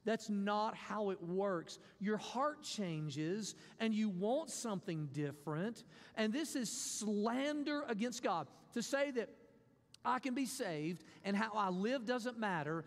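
A man's voice: sits high, expressive, slow, in a large hall. A man preaching a sermon as pastor, emphatic, repeating his points and acting out quotes.

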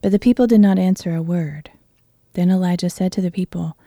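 A woman reads scripture aloud in a measured, earnest way, her voice low and warmly dark. The sound is close and dry, with no room echo. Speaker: Bible reader. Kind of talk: Bible reading.

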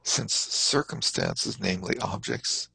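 A man teaching a class on Buddhist texts, explaining terms thoughtfully and haltingly. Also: lowish voice, vocal fry, sharp tone, slightly rough, dry recording, low-quality recording.

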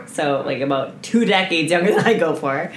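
Low, lively woman with laughs in an echoey room. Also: moderate pace, slight background noise. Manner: laughs often, jokey, trails off. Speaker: co-host. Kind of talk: casual chat.

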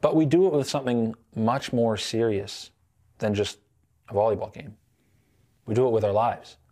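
A man's voice: medium pitch, fairly even intonation, moderate pace, dark tone. A young man in his twenties, a pastoral intern, giving a sermon in a conversational, self-deprecating storytelling way.

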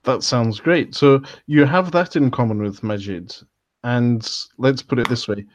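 A man's voice: mid-range voice, unhurried. A man hosting a podcast, explaining things in a matter-of-fact, casual way. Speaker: podcast host. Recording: dry lo-fi audio.

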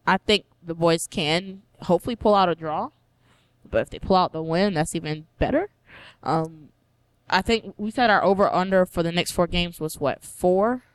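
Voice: medium pitch, clean tone, dry recording, rough recording. A co-host on a casual sports podcast who talks in a chatty, hedging way and giggles often.

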